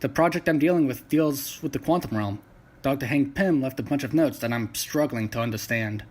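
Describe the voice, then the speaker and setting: A man's voice: medium pitch, a little fast, darkish tone, lightly acted. A man voicing a sardonic male inventor in his own plain voice. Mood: dry.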